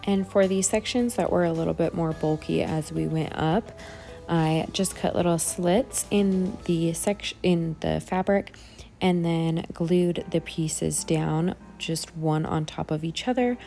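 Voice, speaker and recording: A woman giving a relaxed, step-by-step voice-over for a craft tutorial. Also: fairly low pitch, measured pace, vocal fry, faint music behind. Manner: easygoing, step-by-step explaining.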